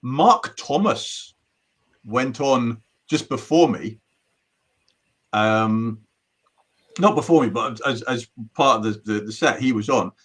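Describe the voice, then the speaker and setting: A man's voice: mid-range voice, lively intonation, takes it slowly, long pauses, fairly bright tone, breathy edge. A middle-aged man, a magician telling rambling stories in a casual interview chat. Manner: rambling storyteller with many restarts. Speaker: magician guest.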